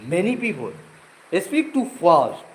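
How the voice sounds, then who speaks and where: Slow, halting man practicing a speech. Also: high voice, huge pitch swings, poor audio. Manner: slow, halting delivery with pauses and self-corrections. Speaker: self-improvement vlogger.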